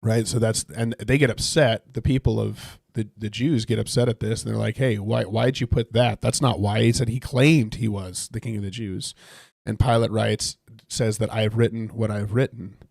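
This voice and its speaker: Lowish and fairly even in intonation, this man's voice has vocal fry and a slightly mellow quality, captured in a dry recording at normal speed. He's teaching the Bible casually during a video game session, conversational and thinking out loud, often restarting his sentences.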